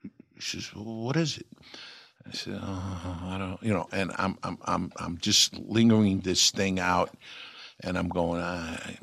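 Older new guy, gravelly and husky, low voice, dry close mic, acts out all the quotes. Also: unhurried, no room sound. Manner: animated anecdote-teller acting out quotes. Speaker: actor guest. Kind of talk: storytelling interview.

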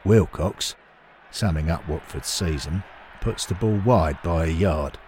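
Low expressive male storyteller. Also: measured pace, slight background noise. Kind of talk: scripted narration.

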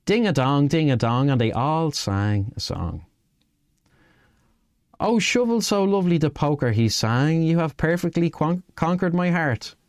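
A man hosting a casual podcast, reading verse in a slow sing-song and chatting with his co-host. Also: fairly high pitch, big pitch swings, no room sound. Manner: reads a nursery rhyme in a slow sing-song. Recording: dry close mic with faint music behind.

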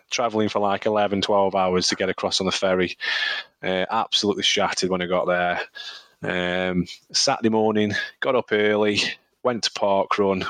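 Low-voiced English man telling a story. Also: a bit bright, no echo. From England. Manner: rambling anecdote with laughs and repeated words. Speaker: podcast co-host. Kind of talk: casual chat, storytelling.

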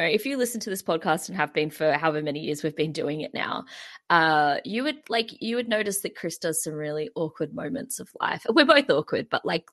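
Australian woman podcast co-host, lower voice, chatty and giggly. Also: a bit bright. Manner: chatty, giggly, many fillers. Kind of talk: casual chat.

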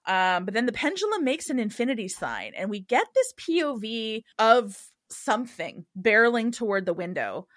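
A bright, animated woman talks through a TV episode for her podcast, casual and quick to act out the characters' lines. Her pitch swings widely as she goes. The sound is close and dry, with no room around it. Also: no echo. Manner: animated, acts out quoted lines in higher voices. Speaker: podcast host recapping a TV show. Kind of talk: casual chat.

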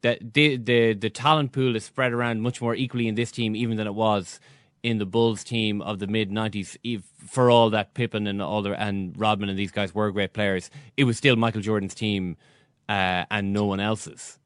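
A man's voice: lowish voice, steady tone, normal speed, smooth, dry recording, clean studio sound. A man hosting a casual sports chat, talking in a conversational way with frequent hesitations. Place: Dublin.

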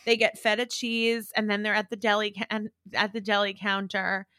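Young female podcast co-host, lively storyteller, crisp close sound. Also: medium pitch, moderate pace, dry recording. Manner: animated storyteller, acts out quotes, laughs often. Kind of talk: casual chat recapping a show.

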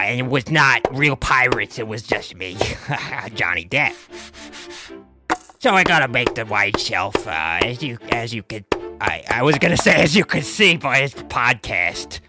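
A bumbling movie star, as a man impersonates him, stumbling through slow, halting sentences full of uhs and restarts. Soft music runs under the voice, and it comes across as a comic celebrity impression. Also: medium pitch. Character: famous male film star, bumbling and rambling.

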